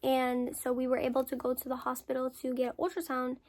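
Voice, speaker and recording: A woman's voice: high voice, brisk. A young woman content creator telling a story in a casual Q&A, candid, swearing freely and repeating words for emphasis. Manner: lively storyteller with emphatic repetition. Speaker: content creator answering follower questions.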